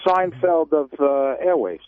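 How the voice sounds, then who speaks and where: A male caller to a radio show, speaking hesitantly and haltingly with many fillers. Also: fairly high pitch, animated. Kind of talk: phone-in chat. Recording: tinny phone line.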